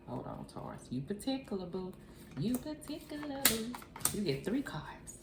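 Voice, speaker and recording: A woman's voice: on the low side, gravelly. A woman doing a casual tarot reading in a chatty, familiar way, calling the listener boo and honey. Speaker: tarot reader. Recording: echoey room, faint hiss.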